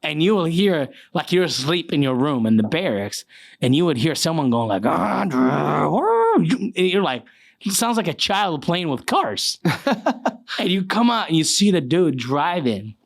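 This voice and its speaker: A man's voice: fairly high pitch, very animated, normal speed. Laughing man swapping war stories. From Iraq. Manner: laughs through his stories, swears freely. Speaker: guest. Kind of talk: casual war storytelling.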